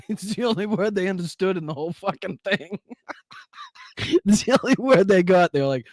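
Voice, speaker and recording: A man's voice: high-pitched, expressive, moderate pace, no room sound, clean studio sound. A man hosting a livestream, reacting to news clips with mocking, profane commentary and frequent laughter. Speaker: livestream host.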